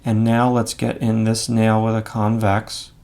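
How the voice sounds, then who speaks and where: A man's voice: lowish voice, completely flat delivery, unhurried, gravelly, darkish tone. A man giving a live drawing lesson, talking casually and thinking aloud as he sketches, with frequent fillers. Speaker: drawing instructor.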